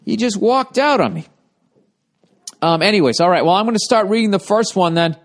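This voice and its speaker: A man's voice: high-pitched, lively intonation, a little fast. A man hosting his podcast, rambling through a profane, self-mocking monologue in casual chat. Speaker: podcast host.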